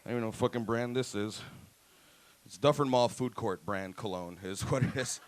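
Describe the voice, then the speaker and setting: A man in his thirties from Toronto, Canada, with a Toronto English accent, performs stand-up on a comedy club stage. Profane and often laughing, he acts out other voices, speaking briskly at a medium pitch.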